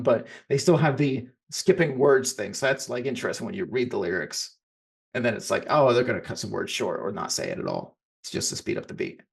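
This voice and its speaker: A man's voice: mid-range voice, creaky. A man co-hosting a casual podcast chat about films, rambling and often restarting his sentences. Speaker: podcast co-host.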